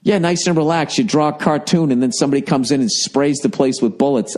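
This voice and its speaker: A man's voice: medium pitch, brisk, few pauses, a little mellow. A man with an American accent, ranting in a profane, exasperated comic monologue, talking to listeners. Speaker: comedian.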